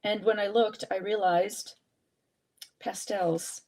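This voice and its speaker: A woman leads a relaxed live art journaling session. She chats and thinks aloud as she pulls supplies and prompt cards. Her pitch sits in an ordinary middle range, and her delivery is casual and unscripted. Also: slow pace. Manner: chatty, thinking aloud while working. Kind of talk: casual live craft demonstration.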